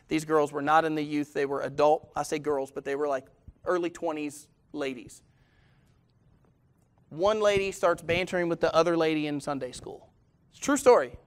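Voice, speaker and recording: A man preaching a sermon as pastor, telling stories, putting questions to the congregation and chuckling now and then. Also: on the high side.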